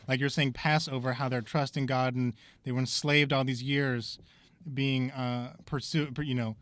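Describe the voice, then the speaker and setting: A man's voice: mid-range voice, flat delivery, normal speed, a bit bright, dry recording. Rambling man on a dry podcast mic. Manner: rambling, thoughtful, many fillers. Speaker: podcast co-host. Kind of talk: casual podcast discussion.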